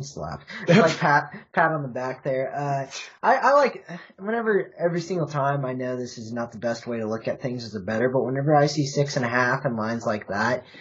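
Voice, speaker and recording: A man co-hosting a podcast, arguing his college football picks in a hesitant, filler-heavy way. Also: mid-range voice. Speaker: podcast co-host. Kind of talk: casual sports-betting chat. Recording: dull, muffled podcast audio.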